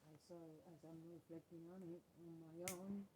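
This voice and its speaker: A woman talking with her husband during an argument on a vlog, halting and full of fillers. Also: sits low, fairly even intonation, crowd noise. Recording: noisy background.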